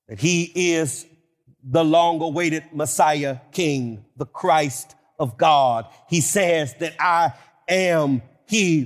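A man preaching a sermon with emphatic delivery that builds to shouted declarations. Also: fairly high pitch, slow pace. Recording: long hall reverb.

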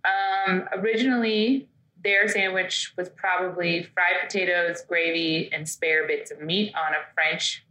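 Chatty woman podcaster, bright voice. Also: fairly low pitch, fairly even intonation, a little slow, roomy sound, rough recording. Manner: chatty, storytelling with quoted asides. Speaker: podcast co-host. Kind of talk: casual chat.

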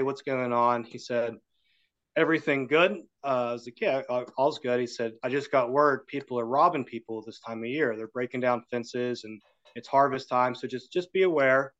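A man's voice: mid-range voice, normal speed, muffled recording. A man, a podcast guest, telling a story in a casual way and acting out the voices of the people in it. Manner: animated, acts out the voices in his story.

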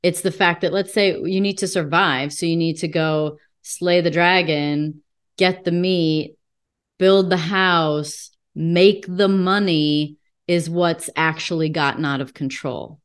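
A woman's voice: on the low side, steady tone, takes it slowly, smooth. A woman hosting a podcast in casual conversation, asking long questions and musing aloud. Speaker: host.

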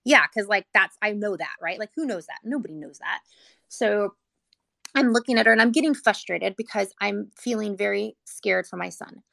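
Gravelly-voiced mother telling an emotional story. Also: mid-range voice, moderate pace, fairly bright tone, no echo. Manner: earnest and rambling, heavy with "like"; emotional, close to tears. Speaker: mother telling her son's hospital story. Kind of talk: personal storytelling, casual.

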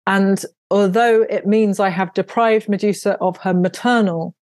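A woman author and audiobook narrator talking in an interview, animated and quick to laugh, often making fun of herself. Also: medium pitch, no echo. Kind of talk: conversational interview.

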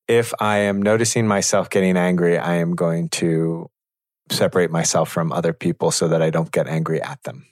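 A man teaching in a reflective conversation, measured and thoughtful, pausing to find his words. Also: low-pitched, dry recording, clean studio sound.

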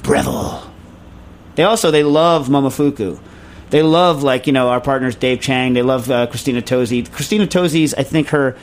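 An American man hosting a casual advice podcast, rambling and joking as he restarts his sentences. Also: mid-range voice. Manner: rambling, self-interrupting, jokey. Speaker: podcast host.

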